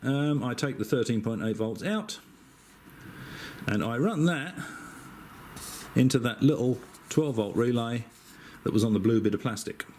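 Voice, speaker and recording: A middle-aged man with an Australian accent, an amateur radio operator, talking through a wiring diagram in a relaxed, chatty way, with frequent hesitations and dry asides. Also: mid-range voice, unhurried, a little hiss or hum. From Western Australia. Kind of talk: casual technical explanation.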